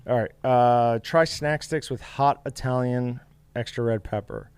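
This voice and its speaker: A man's voice: mid-range voice, measured pace, darkish tone, clean tone, no echo. A man hosting a casual livestream, chatty and upbeat, reading viewer comments aloud. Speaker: livestream host.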